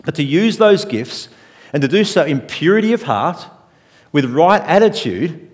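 A man preaching a sermon in a measured, reflective way, often using rhetorical questions. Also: a little high, big pitch swings, big-room sound. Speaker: pastor.

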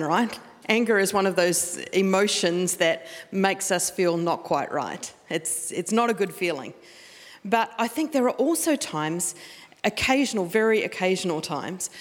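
Chatty New Zealand woman preaching in hall. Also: fairly low pitch. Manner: conversational, storytelling with laughs and restarts. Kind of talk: sermon with personal story. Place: church hall. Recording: long hall reverb.

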